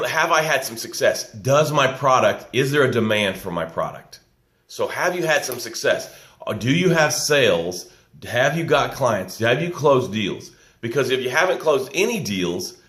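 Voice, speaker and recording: A man's voice: lowish voice, a bit bright. Echoey live-stream business coach, man. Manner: encouraging, folksy, repeats key lines for emphasis. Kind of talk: live-stream talk reading viewer comments. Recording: echoey room.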